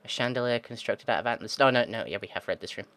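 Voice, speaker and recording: A man's voice: mid-range voice, fast talker, sharp tone. A man narrating a text game, reading its descriptions aloud and muttering frustrated, sweary asides as he thinks aloud. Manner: thinks aloud, reads text then reacts. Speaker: gaming video host.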